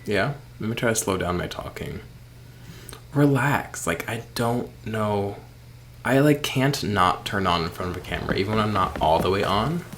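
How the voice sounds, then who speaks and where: A tired man rambles through a late-night gaming session, his low, gravelly voice jumping around a lot. He talks in loose, self-deprecating circles and breaks into excited squeals. Clear music plays under him. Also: moderate pace. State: sleepy. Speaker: streamer. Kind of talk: late-night casual gameplay chat.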